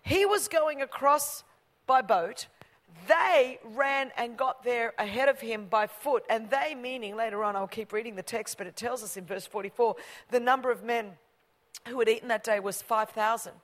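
A woman's voice: fairly high pitch, moderate pace. An Australian woman in her forties, a guest preacher who jokes and banters with the congregation in an exuberant way. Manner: exuberant and joking, banters with the crowd. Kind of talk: preaching a sermon. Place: large church auditorium. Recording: long reverb of a big hall.

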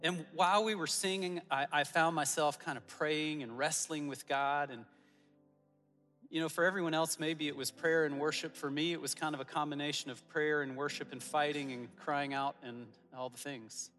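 A male pastor shares personal stories in a sermon, earnest and gentle. His voice is bright and slightly higher than most men's. Long reverb from a big church auditorium hangs on every word, with soft music underneath. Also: steady tone, moderate pace. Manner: personal storytelling, earnest and warm-hearted with soft asides.

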